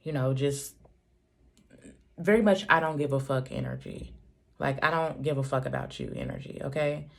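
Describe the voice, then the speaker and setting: Low-voiced woman ranting heatedly. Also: very animated, normal speed, gravelly, pauses often. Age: 30s. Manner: heated, profane, emphatic ranting. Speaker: vlogger, single mother. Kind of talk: storytime vlog.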